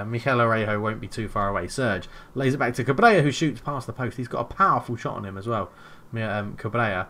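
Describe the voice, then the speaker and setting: Man, gamer, casual play-by-play, excitable, thinking aloud, medium pitch, faint hiss. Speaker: video game player. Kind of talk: casual gameplay commentary.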